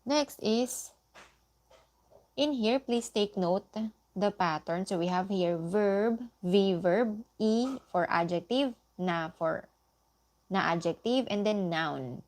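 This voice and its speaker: Unhurried woman, Tagalog first language, walking students through grammar online. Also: a little mellow. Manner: slow, patient explaining with frequent "okay" and "so"; lifts her pitch sharply for example sentences. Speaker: Japanese language teacher.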